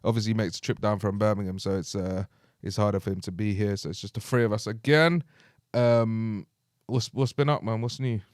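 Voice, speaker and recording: A man's voice: on the low side, steady tone, fairly quick, darkish tone, dry recording, clean studio sound. A man hosting a casual comedy podcast, playful and boastful, often breaking into laughter. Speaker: podcast host.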